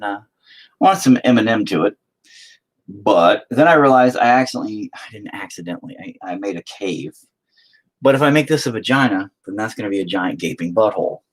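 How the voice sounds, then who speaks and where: A husky-voiced man paints for his live-stream audience, cursing constantly and wandering from one gag to another. His pitch rises high and drops low in wide swings.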